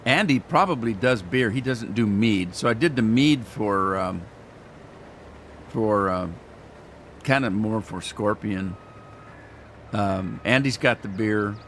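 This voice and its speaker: A man's voice: lowish voice, a bit bright, slight background noise. An older man giving rambling, self-deprecating commentary while playing a farming game. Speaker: gaming streamer. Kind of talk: casual gameplay commentary.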